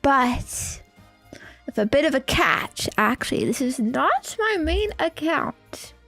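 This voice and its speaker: High-voiced giggly woman streamer. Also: big pitch swings, slow pace, a bit bright, faint music behind. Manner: giggly, playful, teasing. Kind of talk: casual live-stream chat.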